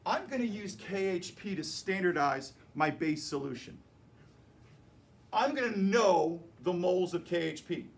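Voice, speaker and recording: A man with a high voice teaches chemistry to a room of students. He explains step by step and drops playful jokes along the way, recorded in the classroom with some faint room noise behind him. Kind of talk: classroom lecture.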